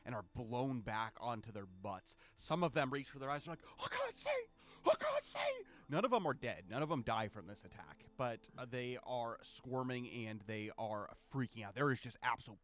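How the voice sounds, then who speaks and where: A man narrating a tabletop game as game master, in loose, filler-heavy description with bursts of shouted sound effects. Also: medium pitch, moderate pace, few pauses.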